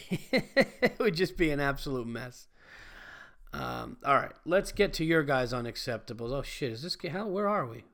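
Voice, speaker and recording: A podcast host talks alone on his own show in a casual solo monologue, loose, profane, rambling and jokey. His voice has medium pitch and a fairly bright tone, at a moderate pace.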